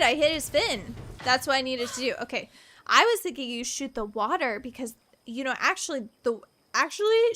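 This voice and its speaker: A young woman from the American South streaming a point-and-click game, excitable and jokey, laughing and gasping often. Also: sits high, slight background noise. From Southern United States. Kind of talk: casual gameplay commentary. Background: faint game music.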